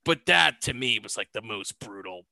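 A man hosting a casual film review podcast, animated and joking, quick to laugh. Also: lowish voice, vocal fry, dry recording. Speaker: podcast host.

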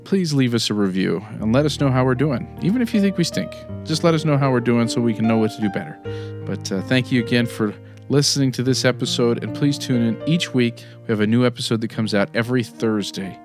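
A man's voice: medium pitch, fairly quick, music in the background. A man hosting a podcast, closing the episode in an easygoing way and asking listeners for reviews. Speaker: podcast host. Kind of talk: show outro.

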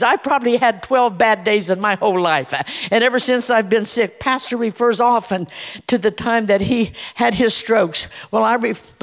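A woman preaching a folksy, emphatic sermon in a church, with many "uh" restarts. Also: on the high side. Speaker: church speaker. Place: church sanctuary. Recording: echoey church hall.

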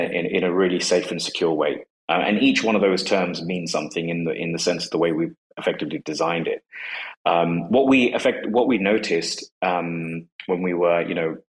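A man's voice: sits low, rough recording. A man in his forties talking casually as a guest, hesitant and full of fillers and restarts. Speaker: guest, company co-founder. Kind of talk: casual conversation on a live audio space.

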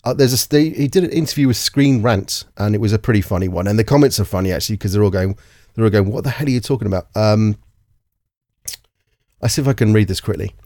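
A man casually reviewing a film on a podcast, animated and joking, often slipping into put-on voices. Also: fairly low pitch, fast, no echo, clean studio sound. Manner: animated, puts on jokey voices. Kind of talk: casual movie review chat.

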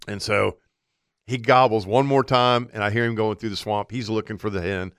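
Animated male radio storyteller, smooth voice. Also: on the low side, normal speed, no room sound, clean studio sound. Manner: animated storyteller acting out his own thoughts. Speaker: radio outdoor show co-host.

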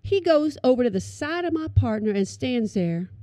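A middle-aged woman telling comic stories to an audience, animated and calling them y'all. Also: high voice, moderate pace, dry recording. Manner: animated, addresses listeners as y'all. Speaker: storyteller.

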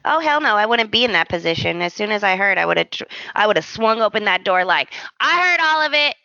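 Gravelly, blunt woman podcast co-host. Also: medium pitch, brisk, no room sound, dull audio. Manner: blunt, animated, swears freely. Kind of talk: casual chat recapping a soap opera.

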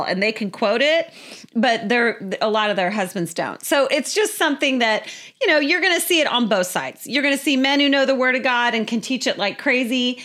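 A woman with a fairly high voice teaches scripture in a chatty, animated way. She circles back and repeats herself as she makes her points. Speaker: Bible teacher. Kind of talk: casual Bible teaching talk.

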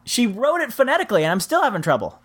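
A woman's voice: a little high, sing-song, fast, husky. A woman from northeastern Ohio co-hosting a podcast in a garage, stumbling over names and mocking herself. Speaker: podcast co-host. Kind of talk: casual podcast bloopers and listener mail.

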